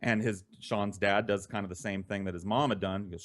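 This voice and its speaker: A man with a slightly low voice tells a story on a podcast, loose, casual and heavy on profanity. He keeps it animated and conversational. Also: brisk, few pauses. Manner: profane, animated, with laughter in between. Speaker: podcast host telling a story.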